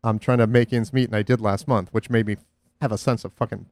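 A man's voice: fairly low pitch, fairly even intonation, fast talker, a little mellow, dry recording. A man hosting a podcast, talking in a candid, rambling way with many restarts. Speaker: podcast host. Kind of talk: casual chat.

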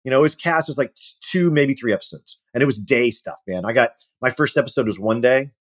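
A middle-aged man telling lively anecdotes as a guest on a casual chat show, acting out quotes and restarting his sentences often. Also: medium pitch, fast talker. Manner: animated, acts out quotes, frequent restarts. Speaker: podcast guest, actor.

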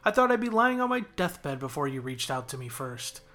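Reading aloud at a normal speed in a slightly high voice, a man performs the part of a lively young woman at an animal shelter's front desk, making her bright and teasing.

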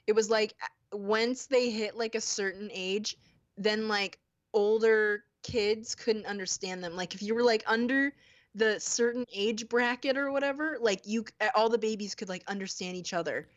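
A woman's voice: medium pitch, moderate pace, no echo, highs cut off. A young woman co-hosting a casual podcast chat, rambling and searching for words. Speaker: podcast co-host.

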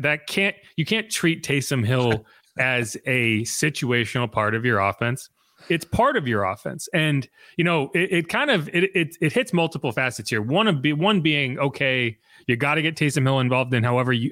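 A man hosting a sports podcast, giving brisk, emphatic analysis. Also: medium pitch, animated, a bit bright, no echo, clean studio sound. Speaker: podcast host.

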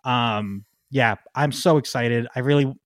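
A man co-hosting a podcast in casual chat, excitable, laughing often and trailing off with ums. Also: medium pitch, unhurried, dry recording, studio quality. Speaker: podcast co-host.

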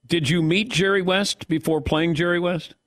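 A man hosting a sports talk show, reading ads and interviewing a guest with a smooth, steady delivery. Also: sits high, moderate pace, no echo, studio quality.

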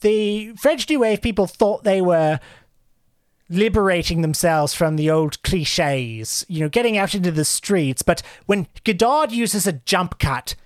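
A man's voice: high-pitched, lively intonation, measured pace, dry recording, studio quality. A man putting on a British accent to impersonate a lecturing male film director.

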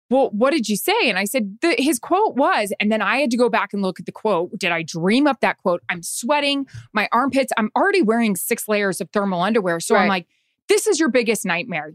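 A woman's voice: mid-range voice, dry recording, clean studio sound. A woman, a sideline reporter, telling an anxious story in casual chat.

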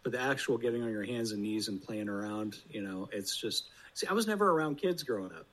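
A man's voice: fairly low pitch, animated, a little fast, low-quality recording. A man in his thirties chatting casually as a podcast guest, blunt and self-deprecating, swearing freely.

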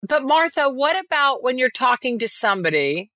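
A woman, an actress guest on a podcast, talking in an animated way with many restarts and acted-out quotes. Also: high-pitched, moderate pace, no room sound, clean studio sound. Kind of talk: casual podcast chat.

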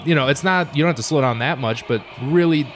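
A man's voice: fairly high pitch, fast talker. A man who is a comedian, chatting as a podcast guest in an easygoing, reflective way and laughing often. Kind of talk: casual interview chat.

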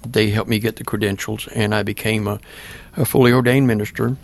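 A man's voice: lowish voice, steady tone, fairly quick, gravelly. An older man, a pastor, earnestly telling a personal story in plain words during an interview. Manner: plain-spoken, earnest, acts out remembered dialogue.

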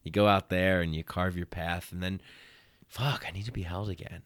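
A man's voice: sits low, fairly even intonation, moderate pace, fairly bright tone, dry recording. A man hosting a podcast, talking in an earnest, reflective way in casual conversation. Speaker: podcast host.

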